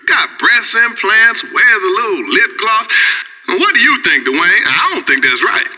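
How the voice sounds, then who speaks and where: Rambling caller, high and super bright, all over the place. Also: male voice, a little slow, in a large hall, heavily acted, poor audio. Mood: worked up. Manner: rambling, excitable. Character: rambling worked-up male radio caller. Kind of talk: comedic game radio acting.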